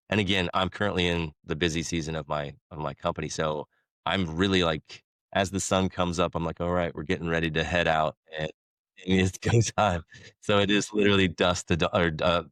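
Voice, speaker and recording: Male podcast guest, deep voice, dry sound, loose rambling chat with laughs. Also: fairly bright tone, no room sound. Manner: rambling, self-correcting, laughs between thoughts. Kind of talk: casual conversation.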